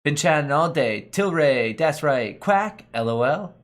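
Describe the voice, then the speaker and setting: A man's voice: on the high side, lively intonation, measured pace. A young man hosting a casual stock market live stream, reading his chat aloud and joking around with slangy banter and frequent laughs. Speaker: stock market livestream host.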